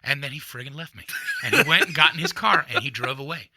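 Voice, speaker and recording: A man's voice: on the high side, fast talker, vocal fry, a little hiss or hum. A man co-hosting a faith podcast, casually chatting and acting out quotes as he tells a story. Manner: animated storyteller, acts out quotes. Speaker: podcast co-host. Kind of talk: casual chat.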